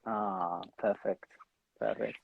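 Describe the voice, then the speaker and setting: A man's voice: fairly low pitch, steady tone, slow pace, creaky, breathy edge, phone-quality sound. A man hosting a podcast in casual chat, jokey and laughing often, a little out of breath. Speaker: podcast host.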